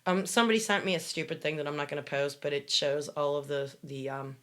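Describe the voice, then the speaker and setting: Low-voiced sarcastic woman podcaster. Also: fairly even intonation, fast, a bit bright. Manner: sarcastic, wry asides. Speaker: podcast host. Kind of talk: casual chat, reading excerpts aloud.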